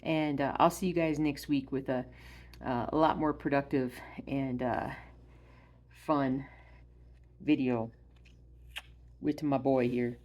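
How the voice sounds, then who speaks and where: Low-voiced lady rambling at home, lots of ums, goes soft and quiet a lot. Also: fairly even intonation, takes it slowly, pauses often. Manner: rambling and hesitant, with many ums and uhs; soft-spoken, drops to a murmur when addressing her dog. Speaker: stitching vlogger. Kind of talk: casual chat. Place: at home by her stitching spot.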